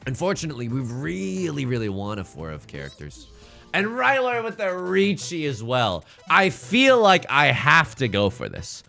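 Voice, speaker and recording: A man's voice: mid-range voice, fairly bright tone. A young man streaming a tile game, chatting playfully and rambling to his chat as he plays. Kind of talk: casual game streaming commentary.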